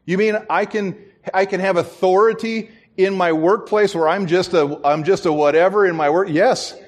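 A middle-aged pastor with a voice that sits high preaches a sermon at a moderate pace. He tells stories, acts out the voices of the people in them, and chuckles at himself along the way.

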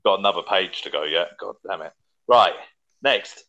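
A man hosting a casual podcast, briskly running through a list and laughing often. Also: sits low, bright, forceful tone, rough recording. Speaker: podcast host.

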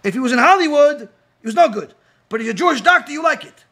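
A rabbi giving an impassioned talk, firing rhetorical questions and acting out quoted voices. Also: male voice, very high-pitched, expressive, fast talker, sharp tone.

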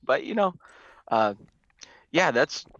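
A man's voice: mid-range voice, very animated, slow, vocal fry, fairly bright tone, no echo, lo-fi sound. A man from California with a Californian accent, co-hosting a casual podcast with laid-back joking banter. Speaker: podcast co-host. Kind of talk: casual chat.

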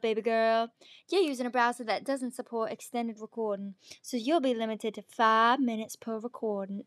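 A woman's voice: on the high side, no echo, natural voice. Girl doing a syrupy southern drawl, teasing and sweet, dry close sound. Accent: put-on American Southern. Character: sugary Southern-accented woman reading a notice.

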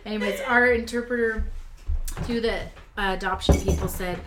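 A woman's voice: mid-range voice, steady tone, normal speed. A woman telling a personal story in a casual conversation, talkative and emotional, with many fillers and restarts. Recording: echoey room with faint background noise. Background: faint kitchen sounds.

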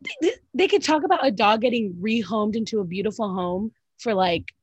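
A woman co-hosts a casual, blunt recap of reality TV and swears freely. Her voice is husky at a middle pitch, and she fills her talk with "like". The sound is dry and close, with no room echo. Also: expressive, fairly quick, dull audio. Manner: blunt, profane, keeps saying "literally" and "like". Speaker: podcast co-host.

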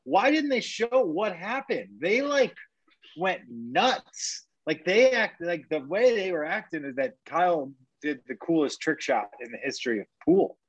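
A man co-hosting a casual podcast, animated and wisecracking. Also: a little high, unhurried, slightly rough, dry recording, muffled recording. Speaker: podcast co-host.

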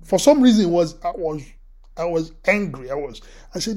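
High-voiced man preaching a sermon. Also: normal speed. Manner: animated, repeats words, acts out quoted voices. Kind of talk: sermon with personal storytelling.

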